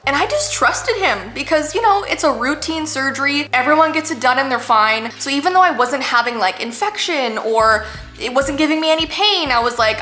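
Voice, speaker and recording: Woman, 30s, YouTuber answering fan questions; candid and chatty, slightly high, bright, roomy sound. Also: lively intonation, brisk, soft background music. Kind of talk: casual Q&A vlog.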